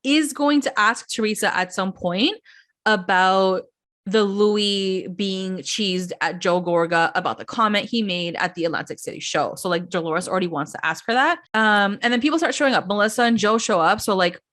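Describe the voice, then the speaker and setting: A woman hosting a casual podcast, chatty and animated, with a lot of "like" between her words. Her voice sits at a middle pitch, and she slips into quick impressions of other people as she recaps. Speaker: podcast host. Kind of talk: casual chat.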